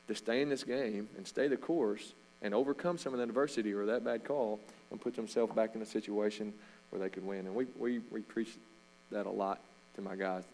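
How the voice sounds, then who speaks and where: Middle-aged man, slightly low voice, a coach telling stories from the pulpit with sudden loud bursts. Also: a little hiss or hum, poor audio. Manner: storytelling, animated, with loud shouted bursts. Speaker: coach and church speaker. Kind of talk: informal sermon talk. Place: church.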